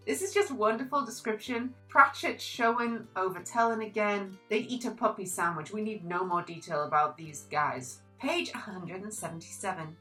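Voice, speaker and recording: A young woman reviewing a book in a casual, animated vlog, gushing about characters and reading quotes aloud. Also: mid-range voice, moderate pace, hardly any pauses, faint music behind, rough recording.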